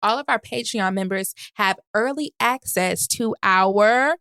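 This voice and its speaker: Sassy woman cohost reading comments, smooth clear voice, close dry mic. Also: medium pitch, a little slow, sharp tone, no echo. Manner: joking, sassy, laughing. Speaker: podcast co-host. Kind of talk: casual chat reading listener comments.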